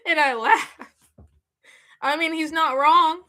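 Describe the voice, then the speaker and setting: A woman's voice: high-pitched, fairly even intonation, measured pace, long pauses, sharp tone. A woman hosting a live stream, chatting casually with viewers in an emphatic, repetitive way and laughing often. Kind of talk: casual reaction chat with viewers.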